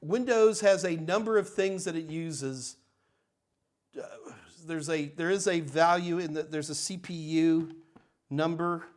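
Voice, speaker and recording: A man's voice: fairly high pitch, unhurried. An older man hosting a live tech Q&A, answering chat questions in a blunt, emphatic, ranting way. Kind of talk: live Q&A stream.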